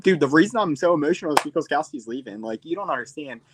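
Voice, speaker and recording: A man's voice: a little high, lively intonation, fast talker, background noise. A young man hosting a postgame reaction stream, emotional and rambling, swearing freely as he talks. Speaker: host.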